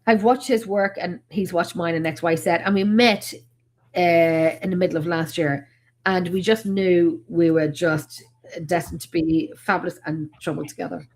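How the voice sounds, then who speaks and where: A woman with an Irish accent chatting on a video call about a paranormal investigation, excitable and rambling, often restarting her sentences. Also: on the low side, moderate pace. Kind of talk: casual chat on a video call.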